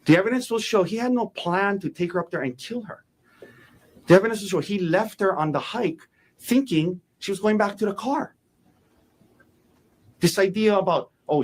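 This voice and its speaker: Male defense attorney, opening statement; emphatic, animated delivery, slightly high voice. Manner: emphatic, repeats key phrases, acts out quoted speech.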